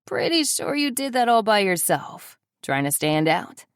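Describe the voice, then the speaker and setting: A woman's voice: medium pitch, sing-song, measured pace, smooth, no room sound, voice pushed up. A woman voicing a smug, teasing young man. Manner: dry teasing.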